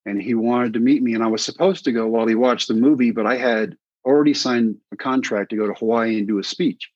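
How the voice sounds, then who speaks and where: A middle-aged man from Texas, a former pitcher, telling lively anecdotes as an interview guest and acting out quoted voices. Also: quick pace, dry recording. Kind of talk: casual storytelling. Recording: slightly dull dry sound.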